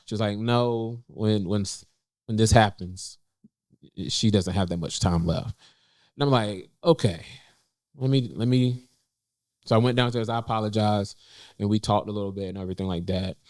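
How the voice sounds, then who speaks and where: A young man speaks in a low, smooth, resonant voice, recorded close and dry with no room sound. He talks casually and haltingly, full of fillers and restarts. He lifts his pitch when he quotes himself. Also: darkish tone, dry recording. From North Carolina, USA. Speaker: podcast co-host sharing a personal story. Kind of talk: casual heartfelt conversation. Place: indoors in a cafe.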